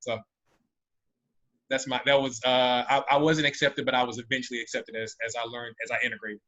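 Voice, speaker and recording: Panelist, American man, animated storyteller, tense bright tone, muffled recording. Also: mid-range voice, fairly quick. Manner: animated, with many restarts. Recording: dull lo-fi audio.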